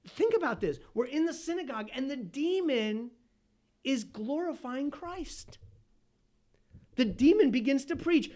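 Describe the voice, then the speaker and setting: A man preaching a sermon as pastor, asking the congregation questions and swinging from loud exclamations to hushed asides. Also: very high-pitched, very animated, normal speed.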